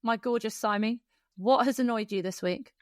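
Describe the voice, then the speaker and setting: A woman's voice: fairly high pitch, moderate pace, no echo. Chatty woman, dry close sound. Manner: chatty storyteller, lots of fillers. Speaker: podcast co-host. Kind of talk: casual chat.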